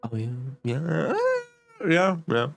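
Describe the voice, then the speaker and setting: A young gaming streamer offers casual commentary in a mid-range, slightly bright voice at normal speed. He rambles and swears, piling on fillers and restarting his sentences.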